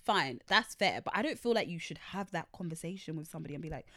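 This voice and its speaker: A woman's voice: fairly low pitch, lively intonation, fast talker, pushed and bright, a little hiss or hum. A woman co-hosting a podcast, chatting casually and emphatically while steering the talk. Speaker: podcast co-host. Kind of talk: casual chat.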